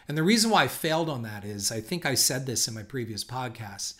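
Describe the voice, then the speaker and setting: A man's voice: mid-range voice, lively intonation, brisk, hardly any pauses, bright, forceful tone. A middle-aged man hosting a podcast, telling a personal story in a candid, reflective way with the odd curse word. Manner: candid, reflective, occasional swearing. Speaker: podcast host.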